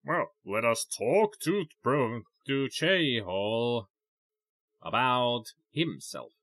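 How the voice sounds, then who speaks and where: A man's voice: mid-range voice, expressive, drawn-out words, a bit bright, no echo. A man hosting a let's play, thinking aloud with many fillers in casual commentary.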